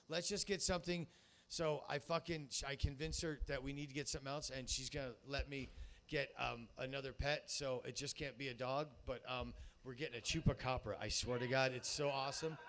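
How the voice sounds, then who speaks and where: A man doing a rambling stand-up comedy set on a handheld mic in a live venue, telling absurd stories with a deadpan, profane delivery. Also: medium pitch, rough recording. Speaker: stand-up comedian and show host. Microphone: handheld stage mic.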